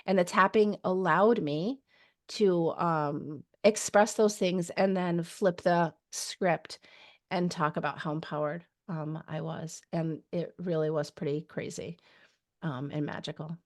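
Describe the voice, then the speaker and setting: Gravelly-voiced woman podcast host. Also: fairly low pitch, steady tone. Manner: halting, reflective, many fillers. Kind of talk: casual interview chat.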